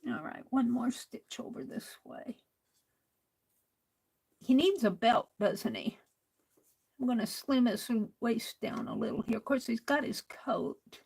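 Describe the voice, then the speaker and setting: A woman with a slightly high voice chats at a slow, unhurried pace while she works on her stitching. She talks to herself as she goes and often drops to a soft whisper. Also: very animated, creaky, slightly rough, poor audio. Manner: soft-spoken, drifts into whispers. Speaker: crafting livestream host. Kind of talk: casual chat while stitching.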